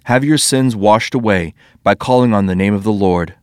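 A man voicing Ananias, a devout and kindly man who gently urges, in a scripture story read aloud. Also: fairly low pitch, moderate pace, clear, resonant tone, dry recording, studio quality, close to an everyday voice. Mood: urging.

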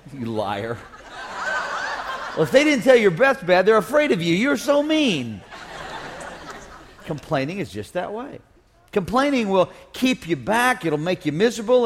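A man's voice: high voice, a little hiss or hum. A man preaching a sermon as pastor, joking and drawing call-and-response from his congregation. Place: church sanctuary. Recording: long reverb of a church hall.

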